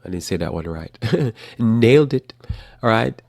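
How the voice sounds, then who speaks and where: A man with a deep, gravelly voice hosts a casual religious current-events show. He rambles and restarts his sentences, delivering it all in a flat, matter-of-fact tone. The sound is close and dry. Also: normal speed, no room sound. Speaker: host.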